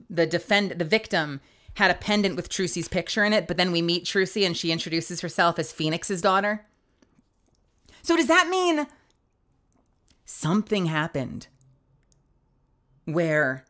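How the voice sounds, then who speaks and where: A young woman casually commenting on a video game as she plays it, excitable, gushing and chatty. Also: lowish voice. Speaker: streamer playing a game. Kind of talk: casual let's-play commentary. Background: game music.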